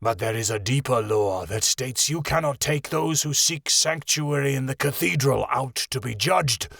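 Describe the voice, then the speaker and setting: A man voicing a wise white tiger guardian with a deep, rough, rumbling voice, calm and measured. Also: no echo, studio quality, heavily acted.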